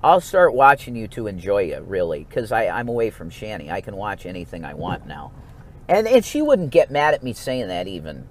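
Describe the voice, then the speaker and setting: A man vlogging in a rambling, profane monologue, swinging between low mumbles and sudden outbursts. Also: very animated, normal speed.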